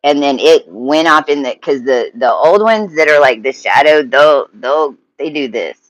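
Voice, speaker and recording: A man telling a personal story in a halting, emotional monologue, swearing freely and often restarting his sentences. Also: fairly high pitch, fairly bright tone, rough recording.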